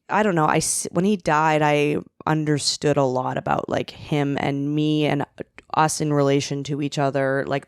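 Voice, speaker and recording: A woman's voice: low voice, vocal fry, clear, resonant tone, dry recording, studio quality. A woman in her thirties, a comedian guest on a podcast, talking candidly and reflectively in casual conversation.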